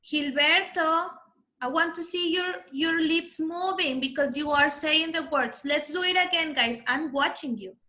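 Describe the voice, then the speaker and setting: A woman's voice: very high voice, unhurried, sharp tone. A woman teaching English to children over a video call, patiently coaching their pronunciation and calling on pupils one by one. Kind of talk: online class for children.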